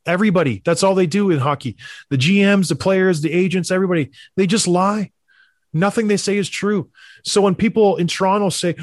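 A young adult man hosting a sports talk show, emphatic and animated, with mocking asides. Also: high-pitched, no echo, studio quality. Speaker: sports podcast host. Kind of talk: opinionated hockey talk.

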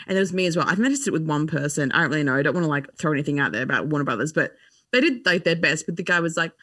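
A young woman guesting on a podcast tells a wild story in a casual chat, laughing and swearing along the way. Her low-pitched voice is expressive, a bit bright, and racing, recorded dry on a slightly distant mic.

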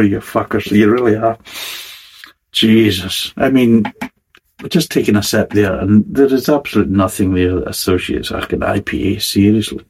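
A man's voice: on the low side, husky, low-quality recording. A man giving a casual, blunt and sweary spoken beer review with a wry, exasperated manner.

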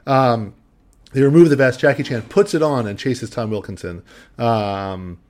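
A man's voice: mid-range voice, a little slow, a little mellow. A man co-hosting a podcast, recapping a film in casual chat and rambling with lots of ums. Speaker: podcast co-host.

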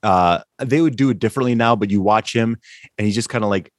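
Lower-voiced, hesitant man. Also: fast, no echo, clean studio sound. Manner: thoughtful, hesitant, restarts sentences. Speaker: podcast co-host. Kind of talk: casual film-review chat.

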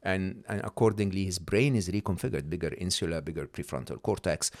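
A man talking as a podcast guest in an animated way, often checking in with "right?" and "hmm?" and restarting his sentences. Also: low-pitched, fairly quick. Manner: frequent restarts and repeated words. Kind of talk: conversational interview.

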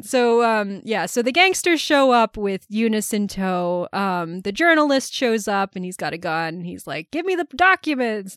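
A woman co-hosting a podcast, retelling movie scenes in a casual, animated way and laughing often. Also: medium pitch, clean tone, no echo, clean studio sound. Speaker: podcast co-host. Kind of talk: casual film discussion.

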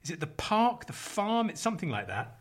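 Um homem britânico conversa de forma brincalhona e descontraída na cozinha de casa, com uma voz um pouco aguda e entonação muito viva. Ele salta de ideia em ideia e recomeça as frases a toda hora. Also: male voice, high voice, big pitch swings, brisk. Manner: playful, jumps between ideas, lots of restarts. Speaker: podcast co-host. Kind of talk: casual chat. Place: home kitchen.

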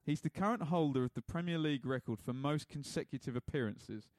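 A man's voice: a little high, fairly quick, darkish tone, no room sound. A man co-hosting a podcast in casual chat, jokey and laughing often as he reads out listener messages. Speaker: podcast co-host.

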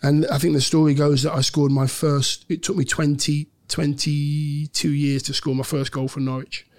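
A middle-aged man, a former footballer and podcast guest, telling a lively anecdote and often laughing. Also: on the high side, moderate pace. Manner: animated storyteller, laughs often, acts out quotes. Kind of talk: storytelling anecdote in a podcast interview.

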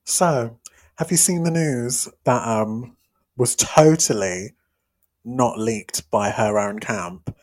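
A young man co-hosting a podcast in casual chat, teasing and exclaiming with sudden pitch jumps. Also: takes it slowly, darkish tone. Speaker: podcast co-host.

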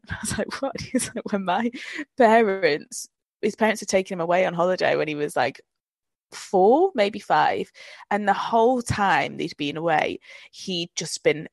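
A woman's voice: fairly low pitch, creaky, no echo. A young woman chatting casually with a co-host, telling childhood stories with swearing and acted-out quotes. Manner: lively, swearing, acts out quotes. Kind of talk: casual chat.

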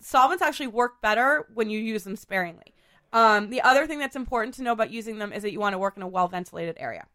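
A woman hosting a podcast in a casual chat, hoarse from a cold, chatty and full of fillers. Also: medium pitch, expressive, quick pace, pushed and bright. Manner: chatty, filler-heavy, laughs often. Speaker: podcast host.

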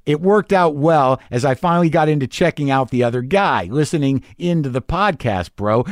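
A man's voice: fairly high pitch, no room sound, studio quality. Profane, rambling middle-aged male podcast host. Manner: loose, profane, rambling with restarts. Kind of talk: casual monologue reading listener emails.

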